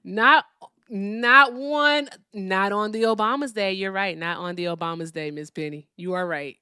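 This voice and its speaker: Animated woman hosting a live stream. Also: mid-range voice, a little slow, smooth, no room sound, studio quality. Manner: animated, laughs often, talks to the chat. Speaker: livestream host. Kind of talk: casual live-stream chat.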